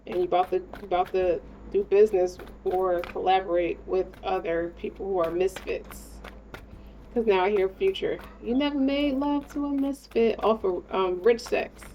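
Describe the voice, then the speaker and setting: A woman giving a casual tarot reading, rambling, slangy and profane, talking straight to the listener. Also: lowish voice. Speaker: tarot reader. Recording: dull lo-fi sound with faint noise.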